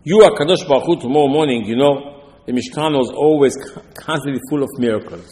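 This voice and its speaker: A man's voice: medium pitch, quick pace, a little mellow, natural voice. A man voicing an earnest leader who lays out a careful request to God. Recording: long hall reverb.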